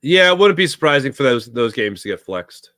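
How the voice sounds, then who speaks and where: A young man hosting a live sports talk show, his voice swinging up and down with lots of energy. His tone is bright and forceful as he rambles and reads out viewers' comments. The sound is close and dry, with no room echo. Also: mid-range voice, very animated, fairly quick. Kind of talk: casual live-stream chat.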